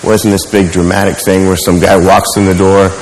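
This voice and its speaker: A man teaching a martial arts class, telling lively stories and putting questions to his students. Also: sits low, a little fast, a little hiss or hum. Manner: animated storyteller, asks the class questions. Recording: echoey hall with faint ambience.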